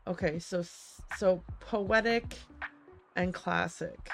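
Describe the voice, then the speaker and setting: A woman's voice: lowish voice, normal speed, faint music behind. A woman streamer playing a game, chatty and hesitant as she thinks aloud and reads game text. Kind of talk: let's-play commentary and reading game text.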